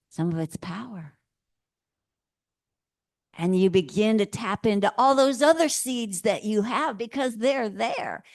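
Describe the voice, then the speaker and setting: A woman minister giving a sermon in a gentle, playful way, laughing often. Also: mid-range voice, dry recording, studio quality.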